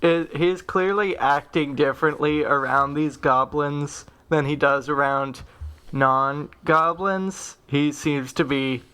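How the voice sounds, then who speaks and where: A man's voice: on the high side, fairly even intonation, pushed and bright, clean tone. A man playing a tabletop game, explaining his character in an amused, casual way. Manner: slow, amused. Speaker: player.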